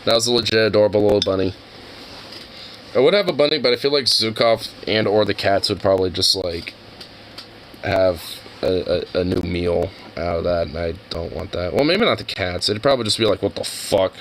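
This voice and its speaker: A young streamer chats casually while reacting to videos, rambling, swearing and using many fillers. His voice is low-pitched, fairly quick and a bit bright, on a low-quality recording with slight background noise.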